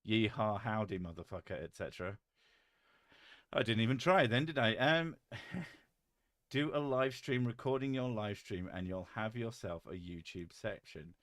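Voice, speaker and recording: On a live stream, a British man with a mid-range voice reads chat aloud at a measured pace, joking deadpan and swearing casually. The audio is studio quality with no echo.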